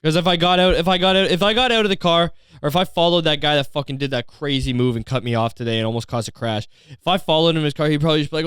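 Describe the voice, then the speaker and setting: A man's voice: fairly high pitch, steady tone, very fast, a bit bright, clear, resonant tone, no room sound, studio quality. A young man hosting a comedy podcast, ranting in a profane, sarcastic way and slipping into mocking voices. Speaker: podcast host.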